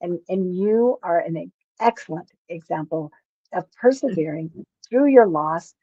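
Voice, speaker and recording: A woman's voice: lowish voice, a little slow, no echo. A woman hosting a podcast interview, speaking in an earnest way and praising her guest. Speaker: podcast host. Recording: dull, dry video-call audio.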